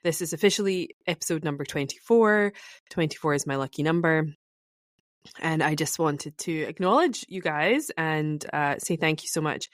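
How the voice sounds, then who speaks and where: A Scottish woman with a low voice hosts a solo podcast in an enthusiastic, chatty way and fills her talk with ums and uhs. The recording is dry and close, with no room sound. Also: lively intonation, normal speed, no room sound. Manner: warm, enthusiastic and chatty, with fillers. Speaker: podcast host.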